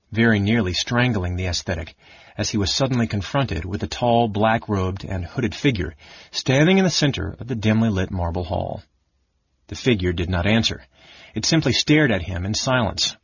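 A man reading a fantasy novel aloud as narrator, in an even, measured way. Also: on the low side, breathy edge, dry recording, lo-fi sound. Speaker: audiobook narrator.

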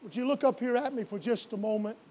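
A male pastor preaching a sermon in a church, swinging between shouted, drawn-out declarations and quieter, intimate appeals. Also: extremely high pitch. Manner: shouting preacher cadence with slow emphatic punches. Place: church sanctuary. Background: soft piano.

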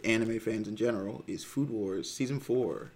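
A man's voice: lowish voice, normal speed, very noisy. A man co-hosting a casual anime podcast, talking with dry, joking understatement. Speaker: podcast co-host. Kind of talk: casual chat.

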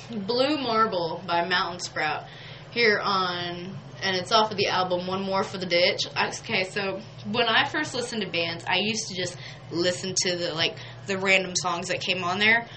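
A woman's voice: mid-range voice, bright, forceful tone, slight background noise, low-quality recording. A woman, hosting a local radio show in casual, chatty talk, laughing often and saying "y'all.". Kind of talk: casual on-air chat. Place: radio studio.

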